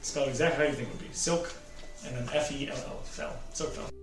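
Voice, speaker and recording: A man's voice: mid-range voice, steady tone, quick pace, vocal fry, soft background music. A man running a tabletop game as game master, describing scenes with lots of fillers and frequent laughter. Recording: very echoey room.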